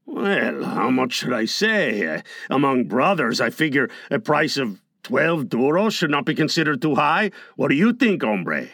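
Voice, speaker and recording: A man's voice: big pitch swings, measured pace, few pauses, a bit bright, no room sound, clean studio sound, heavily acted. A man voicing a sly older Mexican burro trader who bargains with a wheedling, theatrical manner. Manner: wheedling, theatrical bargaining with big pitch swings.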